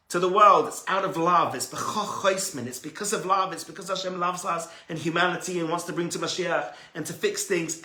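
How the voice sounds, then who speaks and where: A middle-aged man, a rabbi giving a Torah talk, who swings between loud emphatic peaks and soft hushed stretches. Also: on the high side, echoey room.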